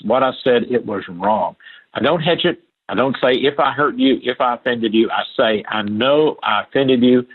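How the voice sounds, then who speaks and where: Older man, husky voice on a tinny line. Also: mid-range voice. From Appalachia. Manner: earnest, emphatic, repeats phrases for stress. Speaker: podcast guest. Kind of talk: storytelling interview talk.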